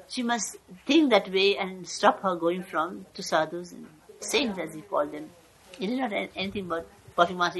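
A woman's voice: medium pitch, a bit bright, low-quality recording. An older woman telling a family story in a rambling way, often stopping to search for words. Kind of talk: personal storytelling. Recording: crowd chatter in background.

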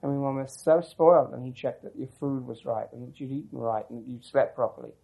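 A man recounting old memories in an oral-history interview, his voice sitting at an ordinary middle pitch. He wanders through the story with restarts and asides, reflective and unhurried. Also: creaky, warm tone, husky, poor audio.

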